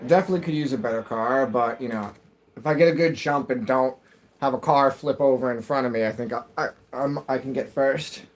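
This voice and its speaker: A man with a mid-range voice live-streaming a racing game, chatty and excitable as he talks to viewers and his cat. Loud game sound runs steadily behind him on a noisy stream. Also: mid-range voice, a little fast. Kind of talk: live gaming stream chat.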